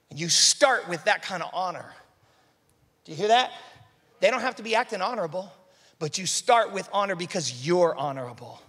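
A man's voice: high-pitched, lively intonation, normal speed, fairly bright tone, husky. A male pastor preaching a sermon, exhorting the congregation in a fervent, conversational way that builds to emphatic peaks. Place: church hall. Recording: live sermon in a reverberant church hall.

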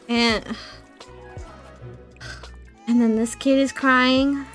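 A woman's voice: a little high, moderate pace, fairly bright tone, soft background music. Chatty woman scolding her game characters. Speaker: gameplay streamer. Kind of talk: casual let's-play commentary.

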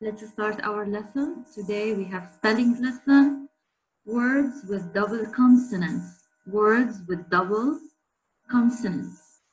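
A woman teacher giving a slow spelling lesson to children, repeating words so pupils can say them after her. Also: medium pitch, soft background music. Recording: echoey room with faint hum.

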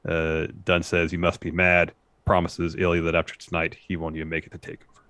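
A man with a very deep voice walks through wrestling promos line by line in a plain, steady retelling. It is casual podcast chat between co-hosts, recorded dry and close. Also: a little fast, no echo. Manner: reads out promo quotes in a flat, steady retelling. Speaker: podcast co-host.

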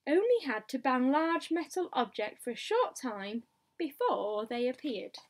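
A woman reads a picture book aloud in a slightly high voice. She takes her time over each short diary entry. She stops now and then for little asides to the listener. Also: big pitch swings. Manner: unhurried diary-style reading with asides to the listener. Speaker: storybook reader.

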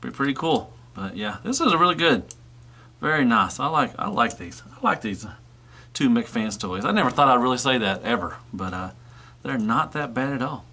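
A man's voice: mid-range voice, expressive, moderate pace, sharp tone. A man giving a casual toy review, rambling and filling gaps with "you know".

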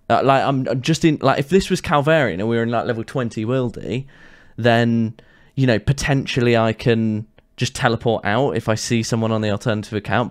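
A man's voice: mid-range voice, clean tone. A man giving casual gameplay commentary, swearing and ranting in exasperation. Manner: frustrated, swearing, exasperated rants. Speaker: gaming YouTuber.

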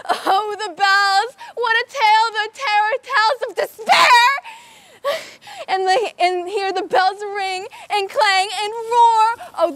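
A woman's voice: extremely high pitch, a bit bright, no echo. A woman giving a theatrical poetry recitation, building up to cries on the refrains. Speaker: student performer.

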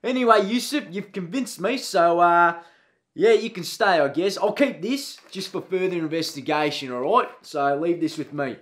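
A man's voice: sits high, animated, moderate pace, fairly bright tone. A man playing a brash, blunt Australian PE teacher in his forties who calls everyone mate, in a comedy sketch. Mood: bossy, incredulous.

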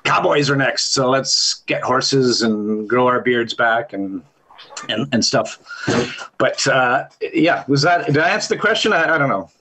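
A man's voice: medium pitch, animated, unhurried, sharp tone. A man on a video call from home, chatting as a panel guest in a joking, self-mocking way. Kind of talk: casual panel chat. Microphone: video call mic.

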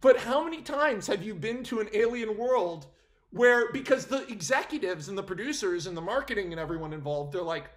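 A vlogger giving a casual opinion rant to camera, animated and incredulous, often breaking into laughter and cutting themselves off mid-sentence. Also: mid-range voice, a little fast. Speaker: film commentary vlogger.

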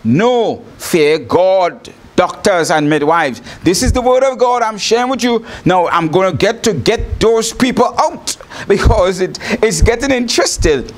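Male bishop, Trinidad and Tobago accent, high-pitched, lively storytelling sermon. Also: a little slow. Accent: Trinidad and Tobago English. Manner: animated storytelling, laughing often. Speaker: bishop, preacher. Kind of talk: sermon broadcast.

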